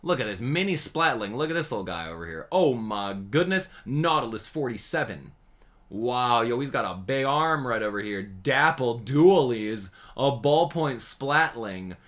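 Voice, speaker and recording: A gaming YouTuber man giving slangy, excitable commentary on a game trailer, swinging between hype and sarcasm. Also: medium pitch, unhurried.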